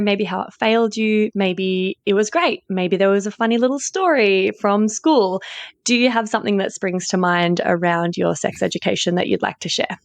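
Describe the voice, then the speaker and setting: A woman's voice: mid-range voice, creaky, no echo. A woman hosting a podcast, talking candidly and casually, with the odd swear word. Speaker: podcast host. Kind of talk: casual conversational interview.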